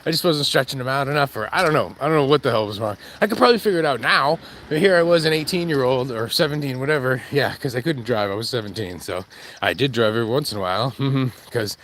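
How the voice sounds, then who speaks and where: Out on a dog walk, a man with kids vlogs a casual walk-and-talk monologue, rambling, joking, and laughing at himself. He's a fast talker with a medium-pitched, fairly bright voice and a little hiss or hum.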